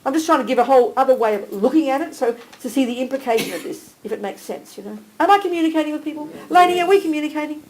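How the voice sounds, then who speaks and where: Animated high-voiced woman teacher. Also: rapid-fire, few pauses, slight background noise, rough recording. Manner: animated, direct, checks on listeners by name, calls them darling. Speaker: Buddhist teacher. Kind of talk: live teaching to a small group. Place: teaching room with a small live audience.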